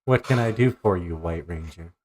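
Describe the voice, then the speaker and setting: A man voicing a cold, nonchalant female villain ranger in a tabletop role-play, speaking quietly and mockingly. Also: sits low, normal speed. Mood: cold calm.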